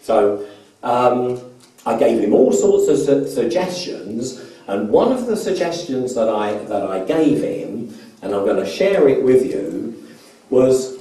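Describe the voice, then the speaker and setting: A man's voice: medium pitch, expressive, unhurried, mellow. A man giving a motivational training seminar to a live audience. He keeps polling the crowd with questions and often repeats a word as he starts a phrase. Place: large convention hall. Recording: echoey hall, voice from far off.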